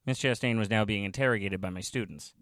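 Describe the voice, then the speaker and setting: A man's voice: lowish voice, quick pace, fairly bright tone, no room sound, clean studio sound. A man narrating a comic story in the first person, with wry, self-mocking asides.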